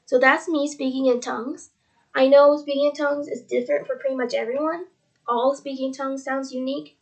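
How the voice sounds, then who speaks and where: A woman's voice: high voice, steady tone, fast talker. A seventeen-year-old girl talking earnestly in a faith vlog, rambling and tearful, often quoting with "he's like". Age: teens. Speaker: religious vlogger.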